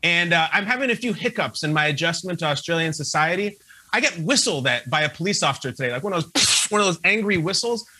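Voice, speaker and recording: Man co-host, bright sharp voice, animated and jokey, kinda high. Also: fast talker, slight background noise. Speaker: morning show co-host. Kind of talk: casual chat.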